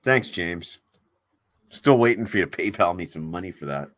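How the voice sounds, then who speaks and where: A man hosting a casual livestream, rambling with halting restarts and reading viewer comments aloud. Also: sits low, lively intonation, fairly bright tone. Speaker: livestream host. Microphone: desk mic on a laptop stream.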